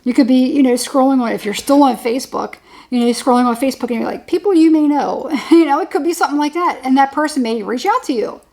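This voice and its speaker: High-pitched woman, tarot reader, chatty rambling monologue with frequent laughs. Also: fast, darkish tone. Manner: chatty, rambling, repeats herself, laughs often. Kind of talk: casual tarot reading monologue.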